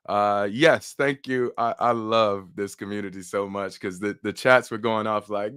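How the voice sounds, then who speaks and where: Animated chatty man hosting a live stream. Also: on the low side, moderate pace, few pauses, smooth, dry recording, clean studio sound. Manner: animated, chatty, many fillers and restarts. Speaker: summit host.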